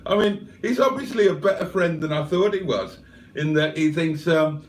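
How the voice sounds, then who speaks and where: A man's voice: on the high side, animated, moderate pace, reverberant. A man hosting a livestream, reading viewer comments aloud in a casual, chatty way and chuckling often. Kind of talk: casual chat.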